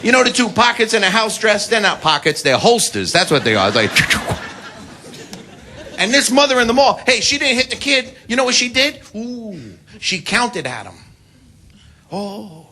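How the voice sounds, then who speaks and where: Brash high-voiced american stand-up man. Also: fairly quick. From United States. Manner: brash, profane, animated storytelling with shouted impressions. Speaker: stand-up comedian. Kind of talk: stand-up comedy routine. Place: comedy club stage before a live audience. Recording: live club recording, loud crowd and noise. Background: audience laughter and applause.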